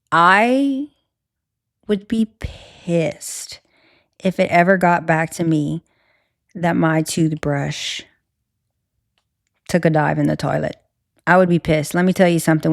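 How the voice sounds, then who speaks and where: A woman's voice: fairly low pitch, dry recording, clean studio sound. A young woman with a Cajun accent hosting a solo podcast, talking candidly with lots of fillers and restarts. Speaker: podcast host.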